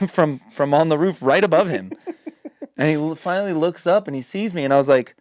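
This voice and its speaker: A man hosting a podcast, telling a story in casual chat, animated, swearing and acting out quotes. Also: fairly high pitch, fairly quick, dry recording, clean studio sound. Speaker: podcast host.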